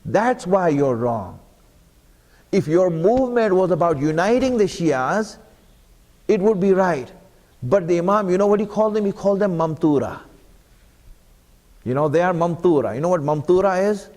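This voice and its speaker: A man's voice: high voice, animated, normal speed, pauses often, darkish tone. A man giving an earnest sermon at a mosque, putting repeated questions to the congregation. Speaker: speaker at an Islamic center. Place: mosque hall. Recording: long hall reverb.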